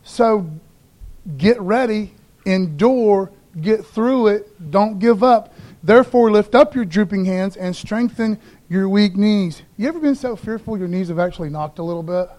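A man with a high voice preaches to his church in a loose, conversational way. He throws in jokey asides and keeps saying "man" and "you know" as he talks to the congregation. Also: measured pace, darkish tone. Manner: folksy, informal, says "man" and "you know" a lot. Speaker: pastor. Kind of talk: casual sermon. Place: church sanctuary.

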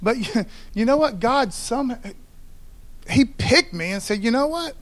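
High-voiced man preaching casually. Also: lively intonation, slow pace, fairly bright tone. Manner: conversational, folksy, asks the congregation often. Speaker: pastor. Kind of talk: sermon.

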